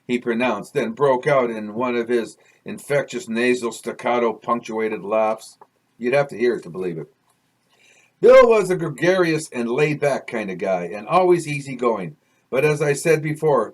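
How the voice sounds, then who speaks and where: A Canadian man reads his own novel in a relaxed, conversational way, drifting into side remarks. He often corrects himself mid-sentence. His voice sits in an ordinary middle pitch. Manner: casual, digressive, restarts mid-sentence. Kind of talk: chatty book reading with asides.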